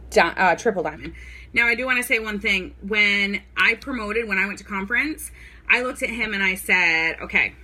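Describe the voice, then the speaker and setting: A woman's voice: medium pitch, sharp tone. A young woman vlogger telling her own story in a casual, rambling way, full of "like" and "y'all". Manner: chatty, rambling, lots of "like" and "y'all". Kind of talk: casual talking-to-camera storytelling.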